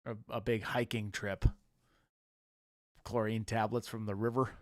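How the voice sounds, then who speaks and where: A man's voice: fairly low pitch, flat delivery, unhurried, dry recording, studio quality. A man co-hosting a casual livestream, chatting playfully, laughing often and slipping into silly voices. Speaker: livestream co-host.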